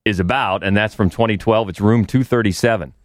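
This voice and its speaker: A man's voice: fairly low pitch, no echo, clean studio sound. A man co-hosting a podcast in casual chat, often restarting his sentences. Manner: halting, with many restarts. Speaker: podcast co-host.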